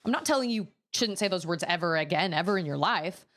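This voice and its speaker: A woman's voice: fairly low pitch, lively intonation, brisk, fairly bright tone. Exasperated woman streamer telling a story. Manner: rambling, exasperated storytelling with quoted exchanges. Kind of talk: casual chat while gaming.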